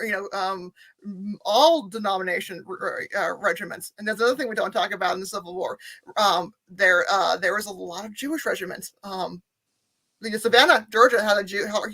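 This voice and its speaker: A woman guest author in casual conversation, speaking haltingly and repeating words as she thinks. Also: medium pitch, fairly bright tone.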